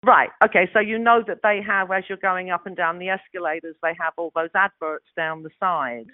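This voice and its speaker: A woman in her sixties with a London Cockney accent, telling animated stories with laughs as a guest actress. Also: on the low side, brisk, no echo. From London, England. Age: 60s. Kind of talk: casual anecdote. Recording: tinny phone-like audio.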